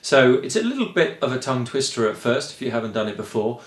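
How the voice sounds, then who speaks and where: A man from England with a Kent accent, a choir director explaining singing in a relaxed, rambling way with frequent ums. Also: mid-range voice, fast talker, echoey room. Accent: Kent English. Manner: chatty and rambling, with frequent ums and light laughs. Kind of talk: relaxed spoken lesson.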